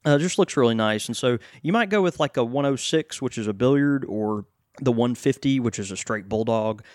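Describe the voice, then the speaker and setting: A man co-hosting a casual podcast chat, relaxed and full of fillers and restarts. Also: mid-range voice, brisk, no echo, studio quality. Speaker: pipe shop co-host.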